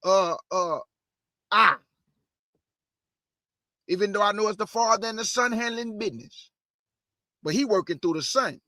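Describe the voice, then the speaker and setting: Fiery high-voiced preacher, slangy and loud. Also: male voice, a little slow, long pauses, dry recording, studio quality. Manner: animated, shouting bursts, slangy asides. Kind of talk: energetic street-style Bible preaching.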